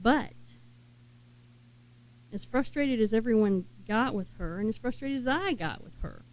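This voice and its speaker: A woman preaching a sermon in an earnest, unhurried way and asking her listeners many questions. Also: on the high side, lively intonation, poor audio.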